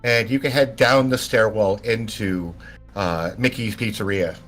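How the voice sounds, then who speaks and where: A man's voice: lowish voice, a little slow, fairly bright tone, faint music behind. A man narrating as game master of a tabletop role-playing game, rambling with many fillers and restarts.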